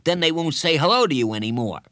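A man's voice: on the high side, sing-song, fast talker, sharp tone, no room sound, clean studio sound, pitched above the performer's own voice. A man voicing a grumpy, defiant young schoolboy who talks in a sulky, bossy way.

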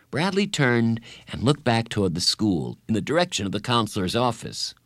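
Expressive male audiobook narrator. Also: mid-range voice, normal speed, few pauses, no room sound, studio quality. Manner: expressive storyteller.

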